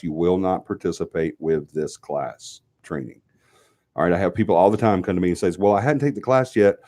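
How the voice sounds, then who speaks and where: A deep-voiced man with a Southern US drawl hosts a live stream, sniffly and stuffed up from a cold. He rambles through announcements in a chatty way, with plenty of fillers and restarts, but turns firm when he lays down the rules. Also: warm tone. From Alabama, US South. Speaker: host of a paranormal team's live show.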